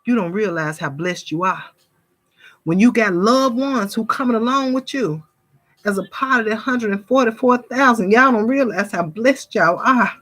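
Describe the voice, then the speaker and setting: A woman's voice: a little high, normal speed, a bit bright. Fervent woman preaching to y'all. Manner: fervent, addresses viewers as y'all, mimics gossip. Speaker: spiritual vlogger. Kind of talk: casual preaching monologue to viewers.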